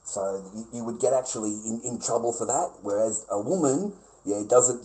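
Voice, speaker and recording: A man's voice: mid-range voice, moderate pace, mellow, rough recording. A man ranting on a livestream, blunt, sweary and aggrieved, repeating his points. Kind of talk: casual livestream rant.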